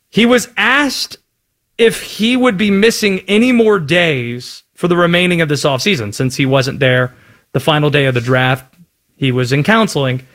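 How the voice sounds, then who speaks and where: A man co-hosting a sports talk show, making his case in a measured, argumentative way. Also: a little high, a bit bright. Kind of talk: casual sports debate.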